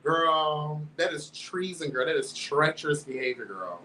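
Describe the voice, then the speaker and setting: A man's voice: fairly high pitch, unhurried, far from the mic, a little hiss or hum, poor audio. A man hosting a show, telling a candid story in a sassy, flamboyant way, constantly addressing listeners as girl and laughing along. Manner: animated, laughs through the telling. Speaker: host.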